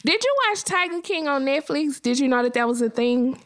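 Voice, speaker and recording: A woman's voice: fairly quick, no room sound, studio quality. A woman co-hosting a casual chat with a friend over a phone call, telling a story and acting out what other people said. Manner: animated storyteller, acts out quotes with big pitch jumps. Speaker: podcast co-host.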